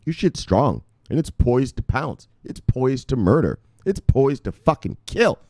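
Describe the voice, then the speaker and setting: Male crypto host, mid-range voice, hyped preacher-style rant, very expressive, profane, dry close sound. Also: mid-range voice, unhurried, hardly any pauses, dry recording. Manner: fired-up, preacher-like, swears constantly, repeats "look, look". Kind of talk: profane ranting commentary.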